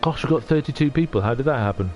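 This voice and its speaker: A middle-aged man chatting on a livestream, soft-spoken and halting, often moved. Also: mid-range voice, expressive, faint music behind. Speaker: streamer. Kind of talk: casual livestream chat.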